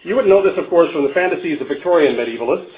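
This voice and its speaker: A man's voice: a little high, animated, racing, a little hiss or hum. An older man from Canada giving a conference lecture, a wry storyteller who chuckles at his own jokes and stumbles over restarts. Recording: phone-like narrow band.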